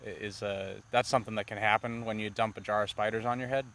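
A man with a fairly low voice talks through a movie review in loose, casual chat. He rambles, swears freely and gets animated as he goes. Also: fast talker. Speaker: podcast co-host.

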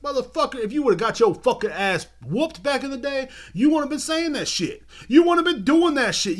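A young man hosting a podcast, ranting heatedly and repeating himself with constant swearing. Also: very high-pitched. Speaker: podcast host. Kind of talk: profane rant. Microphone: video podcast mic.

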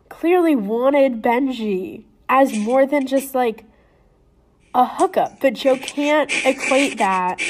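A young woman speaks slowly and unhurriedly in a casual book chat, her voice sitting a bit high. She teases her co-host and laughs easily between points. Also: a little hiss or hum. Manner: slow, laughing, teasing. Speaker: podcast co-host.

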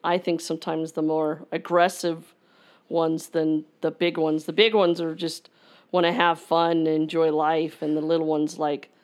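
A woman's voice: sits low, little pitch movement, unhurried, darkish tone. A woman co-hosting a casual chat, rambling through anecdotes and jokes. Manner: rambling storyteller, tells jokes.

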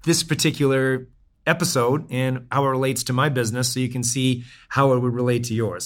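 A man's voice: mid-range voice, fairly even intonation, a little fast, fairly bright tone. Plain-spoken man explaining data. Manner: explanatory, practical. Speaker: podcast guest, software founder. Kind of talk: casual podcast chat.

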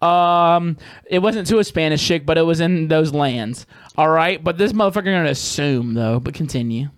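A man's voice: fairly high pitch, normal speed, dry recording, studio quality. Joking profane podcast co-host man. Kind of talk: casual chat.

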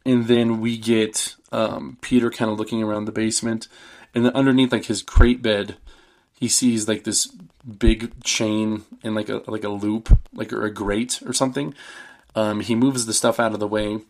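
A man's voice: lowish voice, little pitch movement, normal speed, a little mellow. A man hosting a podcast, casually retelling a horror film in a loose, rambling way full of "like" and "um". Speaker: podcast host. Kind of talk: casual movie recap.

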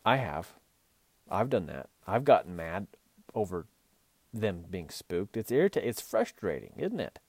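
A man's voice: low voice, sing-song, unhurried, darkish tone, no room sound. A man hosting a podcast, coaching riders in an earnest talk with many restarts. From Utah. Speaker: podcast host and horse and mule trainer.

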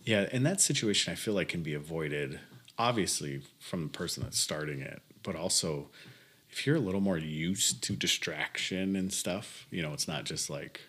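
A man's voice: low voice, normal speed, fairly bright tone, breathy edge. A young man co-hosting a podcast in laid-back casual chat, laughing often and trailing into fillers. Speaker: podcast co-host.

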